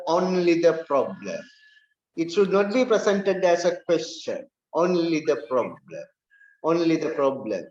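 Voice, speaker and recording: A man's voice: on the high side, darkish tone. A man lecturing a class, emphatic and repeating his key points for stress. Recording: echoey room, dull lo-fi sound.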